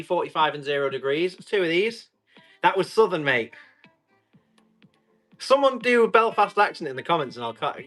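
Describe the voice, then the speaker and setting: Bright-voiced chatty man selling tools. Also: high-pitched. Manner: chatty and rambling, joking with the chat. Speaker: live online tool auction seller. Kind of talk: casual live-stream chat.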